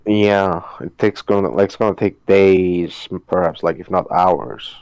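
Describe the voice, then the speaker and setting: A man playing a tabletop role-playing game, speaking haltingly with many fillers. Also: low voice, darkish tone, clean tone, dry recording. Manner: hesitant, full of "like". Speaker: player. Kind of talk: casual tabletop game chat.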